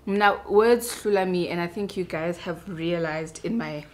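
A woman's voice: fairly low pitch, a little slow, a little mellow. A young woman, a beauty vlogger chatting casually and self-mockingly while doing her makeup.

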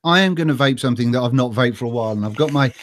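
A man's voice: medium pitch, very fast, a bit bright, a little hiss or hum. A man hosting a casual interview, chatty and rambling with many fillers. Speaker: host.

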